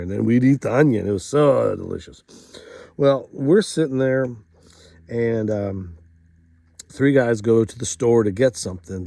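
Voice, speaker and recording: A man telling a funny story to camera in an animated way, dropping quiet asides between loud acted quotes. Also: lowish voice, vocal fry, no echo, clean studio sound. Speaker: storyteller host.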